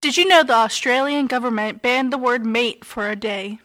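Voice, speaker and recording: Fairly high-voiced woman co-host. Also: normal speed, a bit bright. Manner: matter-of-fact, reading out trivia. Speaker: podcast co-host. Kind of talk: casual podcast chat.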